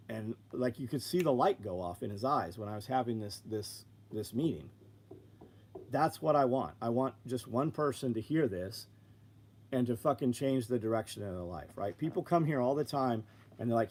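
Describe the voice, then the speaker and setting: A man's voice: mid-range voice, brisk. Profane, blunt man telling stories. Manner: profane, animated, acts out both sides of conversations. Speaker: business owner on a live stream. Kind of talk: blunt casual storytelling.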